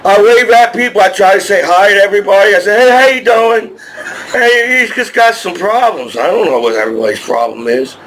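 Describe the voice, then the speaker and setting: Aggrieved, stammering man, high-pitched voice. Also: expressive, a little fast, few pauses, fairly bright tone, slight background noise, poor audio. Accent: New Jersey. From New Jersey, USA. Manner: aggrieved, repetitive, with frequent stammered restarts. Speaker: vlogger. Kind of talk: rambling monologue to camera.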